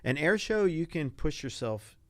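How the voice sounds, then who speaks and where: An older man, a retired Navy pilot, telling animated stories as an interview guest and acting out the people he quotes. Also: on the high side, normal speed, no echo. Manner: animated anecdotes, acts out quoted voices. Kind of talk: casual interview storytelling.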